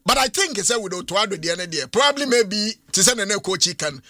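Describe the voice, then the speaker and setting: High-voiced Ghanaian pundit, measured. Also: male voice, expressive, sharp tone. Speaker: football pundit. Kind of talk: radio sports talk.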